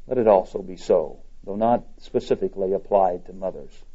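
Male pastor, earnest measured sermon, low mellow voice. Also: slightly rough. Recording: dull lo-fi recording.

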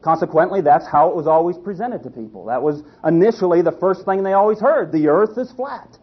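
A fairly high, husky male voice telling a story from the pulpit in a homespun way, with a few halting restarts. It sounds muffled, as if from a dull, lo-fi recording. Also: animated. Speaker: preacher. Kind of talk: storytelling sermon.

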